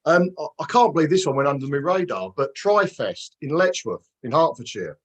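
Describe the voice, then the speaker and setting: A man's voice: on the high side, animated, fairly quick, slightly rough. A British man co-hosting a music chat show, talking in a hesitant, rambling way. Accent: British English. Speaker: co-host. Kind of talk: casual chat.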